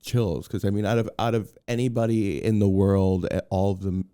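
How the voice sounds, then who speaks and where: A man's voice: lowish voice, normal speed, clear, resonant tone, dry recording, clean studio sound. A man as a podcast guest, telling a story in casual chat, acting out what people said and restarting his sentences often. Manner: animated, acts out quotes, frequent restarts.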